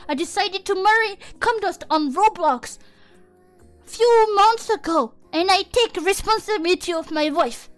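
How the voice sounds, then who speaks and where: A woman streaming casual chat to her viewers, playful and excitable, with non-native English phrasing. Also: extremely high pitch. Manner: playful, excitable, slips into mock outrage. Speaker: VTuber streamer.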